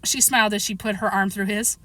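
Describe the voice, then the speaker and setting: A woman's voice: mid-range voice, steady tone, a little fast, bright, forceful tone, dry recording. A woman reading a children's book aloud, playfully giving the characters their own voices. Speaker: reader.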